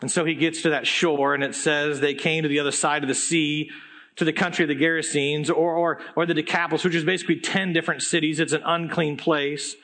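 A man's voice: on the high side, level tone, fairly quick, fairly bright tone. A man preaching a sermon, telling a story with animation and casual slang. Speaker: pastor.

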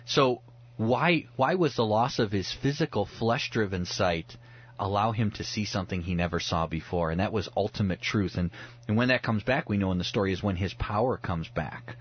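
A man's voice: on the low side, normal speed, breathy edge, dull audio. A man speaking as a pastor and radio guest, teaching on a Bible passage in an earnest, reflective way, often restarting his sentences.

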